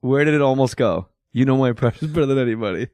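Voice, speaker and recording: A man hosting a comedy podcast in casual chat, animated and quick to slip into impressions. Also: mid-range voice, dry recording. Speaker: podcast host.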